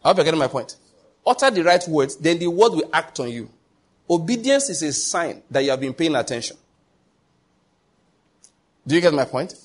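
Husky preacher, higher-pitched man. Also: very animated, normal speed, long pauses. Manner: emphatic, rhetorical questions, frequent pidgin asides. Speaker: pastor. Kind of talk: sermon.

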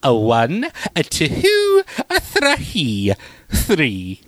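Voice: mid-range voice, huge pitch swings, drawn-out words, fairly bright tone, dry recording, clean studio sound, exaggerated voice. Birini canlandıran ağır ağır sayan bilge çizgi film baykuşu. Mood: deadpan. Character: slow wise cartoon owl counting. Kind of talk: parody commercial skit.

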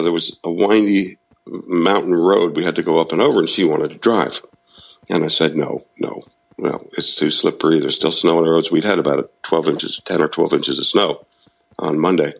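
Deep gravelly man telling his story. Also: fairly even intonation, moderate pace, low-quality recording. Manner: frank, self-deprecating, laughs at himself. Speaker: guest sharing recovery story. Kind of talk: candid personal storytelling.

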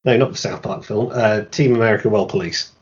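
A man's voice: fairly low pitch, fairly quick, darkish tone, lo-fi sound. A man hosting a podcast, reading a scripted history narration and breaking off for dry, sarcastic asides. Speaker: podcast host.

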